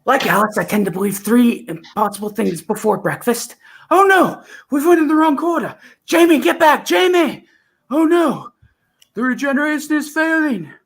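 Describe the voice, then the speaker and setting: Theatrical high-voiced eccentric alien Doctor, breathless, swooping. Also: male voice, lively intonation, moderate pace. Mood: frantic. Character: eccentric male time-travelling alien Doctor. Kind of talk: amateur impression.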